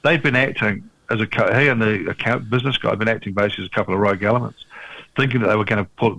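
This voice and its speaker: Fast, gravelly New man. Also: lowish voice, bright, forceful tone, dry recording, poor audio. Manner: emphatic, restarts often, says "mate". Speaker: restaurateur guest. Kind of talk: candid storytelling in conversation.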